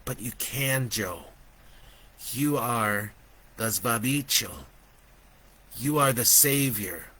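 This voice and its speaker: A man voicing an urgent, ghostly little boy who speaks with slow, solemn insistence. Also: medium pitch, sharp tone, heavily acted. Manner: pleading, commanding, slow and emphatic.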